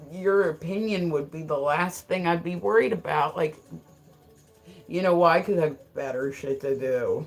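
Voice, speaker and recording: A woman live streaming in a casual, rambling, frank and joking way, with lots of filler words. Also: on the low side.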